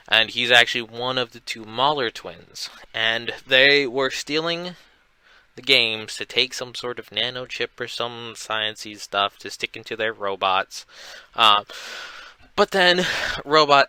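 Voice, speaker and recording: A young man chats his way through a comic book recap, leaning on fillers as he rambles from scene to scene. His voice is smooth and clean, with a sharp, forceful brightness. The sound is dry and close, with no room echo. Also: mid-range voice, unhurried. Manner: rambling, filler-heavy retelling.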